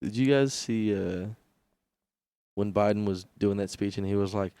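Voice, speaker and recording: A man's voice: fairly low pitch, normal speed, dark tone, clean tone, no echo. A young man co-hosting a podcast in casual comedic chat, laughing often and riffing with impressions. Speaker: podcast co-host.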